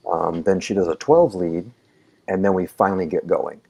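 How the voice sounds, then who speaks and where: Deep-voiced man telling a rambling story. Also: fairly even intonation, brisk, vocal fry, a little mellow, breathy edge. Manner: rambling, filler-heavy, acts out quoted dialogue. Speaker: EMT telling his story. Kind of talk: casual storytelling on a podcast.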